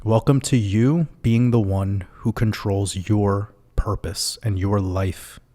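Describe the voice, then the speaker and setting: A man's voice: fairly low pitch, steady tone, slow, dark tone. A man hosting a casual livestream, reading out viewer comments in a loose, profane way and laughing often. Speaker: livestream host.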